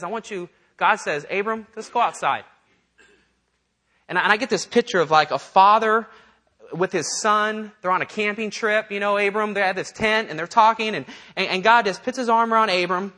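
Bright, high-voiced male pastor preaching. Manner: conversational, acts out quoted voices, repeats words. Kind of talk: sermon.

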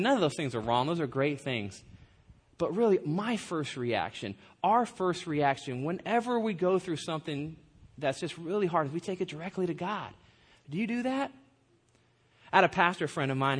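A man delivers a sermon in an easygoing, conversational way. His voice sits fairly high for a man. He asks rhetorical questions and jokes at his own expense. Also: a bit bright. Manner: conversational preaching, rhetorical questions, self-deprecating humor. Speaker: pastor.

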